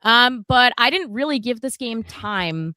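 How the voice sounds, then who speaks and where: A woman's voice: fairly high pitch, animated, a little slow, pushed and bright, dry recording, clean studio sound. Blunt, foul-mouthed woman podcast co-host. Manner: blunt, chatty, swears freely. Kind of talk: casual chat.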